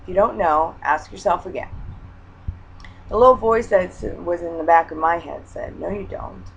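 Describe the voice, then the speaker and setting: A woman's voice: fairly low pitch, normal speed, gravelly, a little hiss or hum, low-quality recording. A woman from Hawaii talking straight to camera as a life coach, telling personal stories earnestly and often restarting her sentences. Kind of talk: casual direct-to-camera advice talk.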